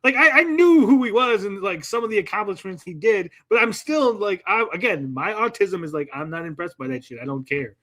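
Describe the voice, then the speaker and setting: On a livestream he co-hosts, a man with a sharp, animated, high voice tells stories full of "like" fillers. He keeps slipping into quick impressions of the people he's quoting.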